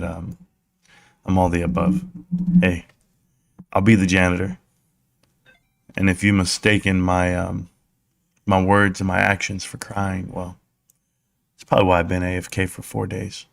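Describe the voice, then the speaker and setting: A man hosting a casual stock market live stream, rambling and joking as he gives shout-outs to his viewers. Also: sits low, vocal fry.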